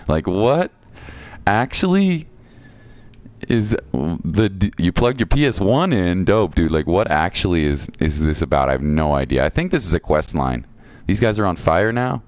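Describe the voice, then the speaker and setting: Low-voiced, chatty male game streamer. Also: big pitch swings, normal speed, a little mellow, dry recording. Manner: chatty, reads viewer chat aloud, reacts playfully. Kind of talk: casual gameplay commentary.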